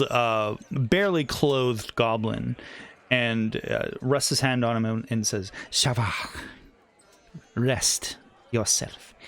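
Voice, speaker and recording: A man narrating as game master of a tabletop game, in a slow, loose way with many fillers. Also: medium pitch, fairly bright tone, clean tone.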